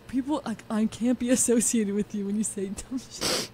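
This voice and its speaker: A young woman tells a story with a slightly high, lively voice that rises and falls, acting out quotes and laughing between lines. A faint noise sits under her voice. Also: fairly quick. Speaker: streamer telling a story.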